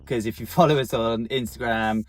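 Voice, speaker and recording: A man's voice: medium pitch, steady tone, normal speed. A young British man vlogging inside a campervan, chatting casually and rambling a little, with frequent laughs. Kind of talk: casual chat.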